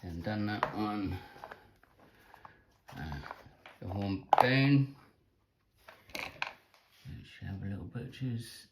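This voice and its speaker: A man, hosting a casual vlog and chatting in a relaxed way about his tarantulas, with plenty of ums. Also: fairly low pitch, very slow, vocal fry, long pauses, very noisy. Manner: chatty, laid-back, says um and uh a lot. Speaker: tarantula keeper and channel host. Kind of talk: casual show-and-tell vlog.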